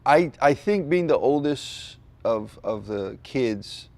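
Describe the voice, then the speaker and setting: A man's voice: medium pitch, lively intonation, takes it slowly, darkish tone. A man, a comedian guest sharing an earnest testimony with dry, self-deprecating jokes. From Hawaii. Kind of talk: candid testimony in a chat.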